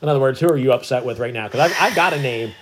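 A man's voice: medium pitch, racing, a little hiss or hum. A man hosting a casual conversation, easygoing, agreeing often and steering to new topics. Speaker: podcast host. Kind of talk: casual chat.

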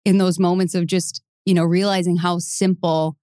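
A woman's voice: lowish voice, level tone, moderate pace, dark tone, dry recording, studio quality. A woman speaking as a guest volunteer in a casual interview, sincere and reflective.

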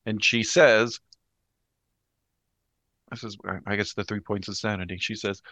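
A man's voice: on the low side, steady tone, a little slow, pauses often, sharp tone, no room sound, lo-fi sound. A man playing a tabletop horror game, hesitantly describing his character's actions with many fillers. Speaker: player.

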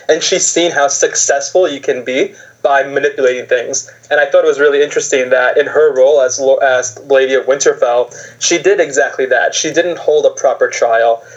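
A man co-hosting a podcast, analyzing a character in a thoughtful, steady way. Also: on the high side, muffled recording. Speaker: podcast co-host. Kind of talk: casual TV recap chat.

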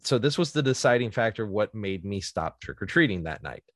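A man's voice: fairly low pitch, fairly quick, no echo, studio quality. A man in his thirties telling a casual story, laughing often and acting out what people said. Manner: animated, laughs often, acts out quotes.

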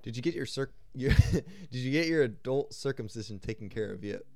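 A man's voice: mid-range voice, animated, a little fast, gravelly, mellow. A young man hosting a casual podcast, reading out game cards and joking with friends. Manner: joking, reads cards aloud, laughs often. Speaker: podcast host. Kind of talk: casual chat over a card game.

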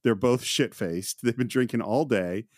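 A man co-hosting a film podcast, telling behind-the-scenes stories in a casual, animated way and acting out quotes. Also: medium pitch, normal speed, no echo, studio quality. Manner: animated storyteller, acts out quotes. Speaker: podcast co-host.

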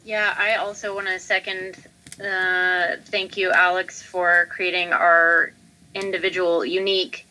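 Playful woman co-host with a bright, forceful tone, quick with jokey asides. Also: on the low side, level tone, low-quality recording. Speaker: podcast co-host. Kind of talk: casual podcast chat.

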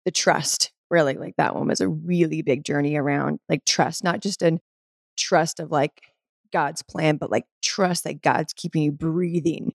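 A woman shares a personal spiritual story as a podcast guest, earnest and peppered with "like". Her voice carries a gravelly, creaky edge, and the sound is dry with no room around it. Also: deep voice, steady tone, unhurried, no room sound. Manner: earnest, spiritual, filler-heavy with frequent "like".

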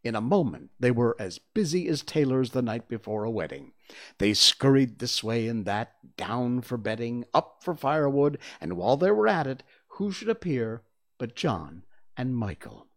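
A man reading a classic children's story aloud, expressive and animated. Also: medium pitch, normal speed. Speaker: narrator.

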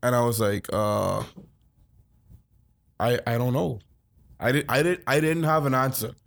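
A man chatting casually as a podcast host, excitable and emphatic, stammering when flustered and protesting loudly when surprised. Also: medium pitch, a little slow, creaky. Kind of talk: casual chat.

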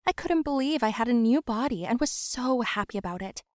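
Young woman telling a personal story, lively and open, dry close sound. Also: a little high, brisk, no echo. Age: young adult.

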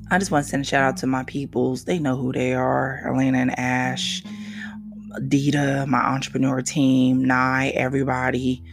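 A man hosting his own podcast in casual solo talk, emotional and animated, slipping into soft whispery asides. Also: medium pitch, vocal fry. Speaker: podcast host.

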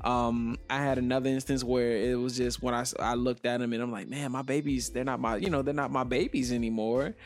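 A man's voice: medium pitch, fairly even intonation, brisk, hardly any pauses. Podcast guy, normal mid voice, rambly storyteller, does little voices for quotes. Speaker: podcast co-host. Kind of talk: casual chat.

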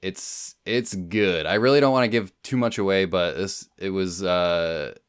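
A man co-hosting a podcast, chatting eagerly in quick bursts. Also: low voice, clean tone. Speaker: podcast co-host. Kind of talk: casual chat.

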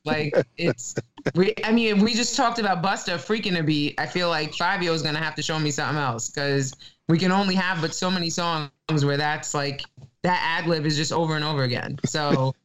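A woman's voice: deep voice, a little fast, a little hiss or hum. A middle-aged woman co-hosting a casual podcast chat, opinionated and laughing between her points. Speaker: podcast co-host.

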